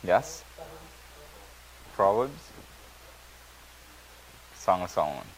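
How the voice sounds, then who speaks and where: A man teaching a Bible study class, reading verses aloud and explaining them, often pausing with fillers and restarting words. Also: lowish voice, very animated, slight background noise, rough recording. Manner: halting, many fillers and restarts. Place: church classroom.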